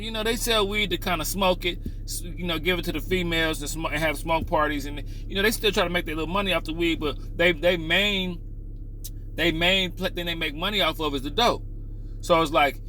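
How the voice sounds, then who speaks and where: A man speaking rants straight to camera in a casual reaction vlog. His voice is bright and sits a little high. He talks in streetwise slang, full of asides like "you know what I'm saying.". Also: slight background noise, low-quality recording. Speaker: reaction vlogger. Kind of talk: casual opinion rant to camera.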